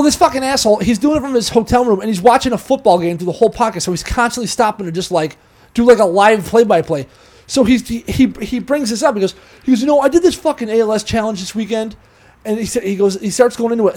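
A man with a high voice talks quickly. He rambles through a story, swearing often. The talk is loose, casual chat between podcast hosts. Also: animated, a little mellow. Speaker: podcast host.

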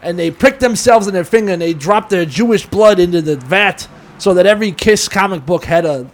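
A man in casual chat, excitedly telling profane local anecdotes with laughs. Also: sits high, fairly quick.

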